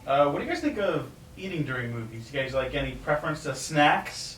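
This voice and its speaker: A man's voice: fairly high pitch, lively intonation, fairly quick, a bit bright. A man hosting a movie podcast, upbeat and jokey, steering the conversation. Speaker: podcast host. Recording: roomy, distant mic, faint noise.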